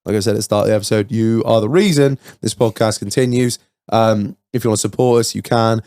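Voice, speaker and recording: An English man hosting a podcast, telling stories in sweary, animated casual banter. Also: fairly low pitch, fast talker, dry recording, clean studio sound. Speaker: podcast host.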